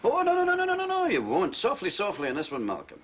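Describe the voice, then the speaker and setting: An actor playing a shady businessman boss who gives brisk, dismissive orders in a TV drama. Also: a little high, big pitch swings, a bit bright, a little hiss or hum. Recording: dull lo-fi TV audio.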